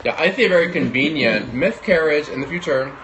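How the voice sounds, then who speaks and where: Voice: medium pitch, lively intonation, fairly quick, a loud crowd, low-quality recording. A co-host reading cards with a sarcastic, joking, dramatic manner in casual gossip.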